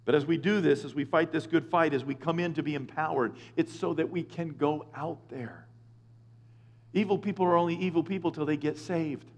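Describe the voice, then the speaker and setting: High-voiced preacher man in an echoey hall. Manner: lively, joking, with quick asides. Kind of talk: conversational sermon. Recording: echoey hall with long reverb.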